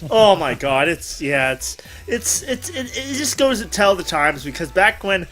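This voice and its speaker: A man's voice: high-pitched, unhurried. A man hosting a casual interview, rambling and correcting himself as he talks. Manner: rambling, animated, self-correcting. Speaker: host. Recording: background music.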